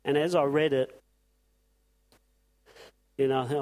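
A man's voice: mid-range voice, steady tone, measured pace, darkish tone. A man preaching an impassioned sermon to his congregation, firing off rhetorical questions. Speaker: pastor.

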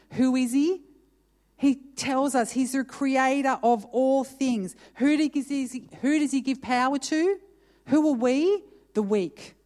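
Woman preacher, unhurried, mellow tone, long reverb of a church hall. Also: on the high side. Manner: reads scripture aloud with emphatic pauses, then talks it through. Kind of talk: sermon.

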